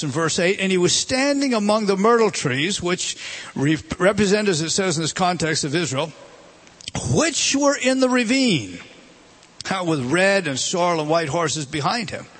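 A man preaching an expository sermon, reading scripture aloud with emphasis and dropping to low, intimate appeals. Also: a bit bright.

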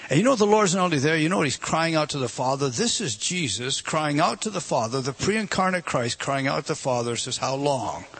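Man preaching, emphatic then hushed. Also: lively intonation, brisk, few pauses, husky. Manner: swings from loud emphatic reading to low intimate appeals. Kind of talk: expository sermon.

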